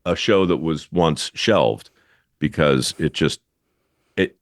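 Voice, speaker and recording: A man speaking as a podcast guest in a measured, reflective way. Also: very deep voice, no room sound, studio quality. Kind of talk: casual conversation.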